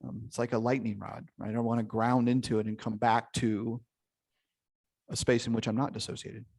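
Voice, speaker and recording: A man's voice: mid-range voice, moderate pace. Emphatic male coach on a video call. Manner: energetic and emphatic, with frequent check-ins and swearing. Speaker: relationship coach. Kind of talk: live online coaching session.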